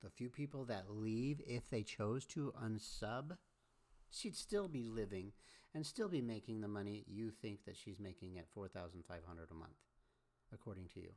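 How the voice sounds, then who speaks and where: A man's voice: fairly low pitch, normal speed, a little mellow. A man hosting casual reaction commentary, scolding and chiming in with repeated agreement. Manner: scolding, repeats catchphrases like 'amen'. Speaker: commentary host.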